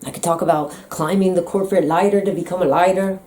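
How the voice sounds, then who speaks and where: A woman's voice: on the low side, steady tone, fast talker, a little mellow. An American woman talking in a comedic vlog monologue, playful, teasing and dramatic. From United States. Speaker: vlogger.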